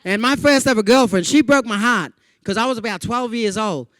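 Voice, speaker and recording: An Australian man with a fairly high voice delivers a stand-up style keynote, bouncing his delivery around as he acts out everyone in his anecdotes. He keeps checking in with the crowd with little "yeah?" tags, and the sound is dry and close. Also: fairly quick, no room sound. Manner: animated, jumpy delivery with playful voices for quoted people; chatty, with frequent "yeah?" and "you know" tags. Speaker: comedian giving a conference keynote. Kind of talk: stand-up comedy storytelling to a live audience.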